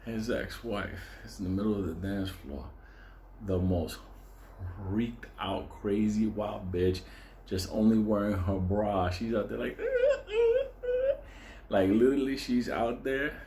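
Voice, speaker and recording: A man from Puerto Rico tells a wild club story in a casual, profane, comedic way, laughing often. His voice is lowish, a little slow, and dark in tone, with slight background noise and a roomy echo over faint ambience.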